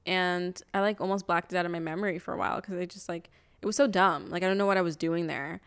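A young woman in her twenties from the Toronto area in Canada co-hosts a podcast, telling a story casually with a lot of swearing. Her voice is lowish and clean-toned, and she talks fast with fairly even intonation.

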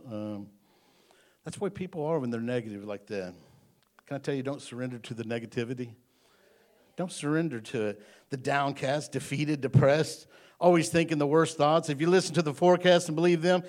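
A man's voice: mid-range voice, brisk. A male pastor preaching a sermon in church, folksy and joking, then building to emphatic repeated lines.

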